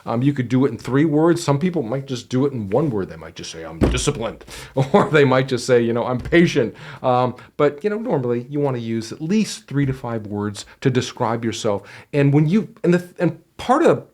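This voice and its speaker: A man's voice: mid-range voice, very animated, normal speed, a little mellow. A man giving job interview advice as a career coach, talking conversationally and emphatically to the camera. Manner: conversational, emphatic, with frequent fillers. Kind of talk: direct-to-camera advice video.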